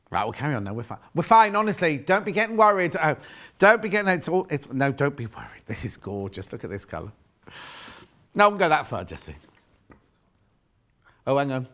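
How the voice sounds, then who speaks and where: A British man presents on a live shopping channel from a TV studio, wearing a clip-on mic, chatting playfully, teasing his co-host, and reading out fabric prices. His fairly high voice is very animated and a bit bright, at normal speed with long pauses.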